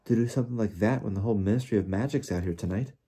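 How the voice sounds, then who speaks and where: A man voicing a worried, clever teenage girl witch, talking quickly and earnestly. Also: on the low side, warm tone, breathy edge. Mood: indignant. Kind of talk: audiobook character voice.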